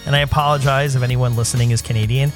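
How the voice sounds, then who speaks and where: A man co-hosting a podcast in casual chat, jokey and quick to say yeah. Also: medium pitch, faint music behind. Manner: animated, jokey, frequent yeah backchannels. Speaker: podcast co-host.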